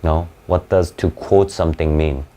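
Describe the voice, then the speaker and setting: The SAT tutor has a low, mellow voice and a moderate pace as he lectures a live online class. He explains in short bursts, checking in with students by saying "right?" and "okay?"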